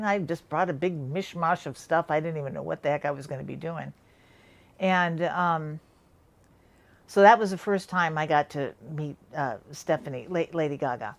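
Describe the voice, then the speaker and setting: A woman makeup artist tells a casual anecdote in a somewhat low voice. She talks chattily and slips into quick impressions of the people in her story.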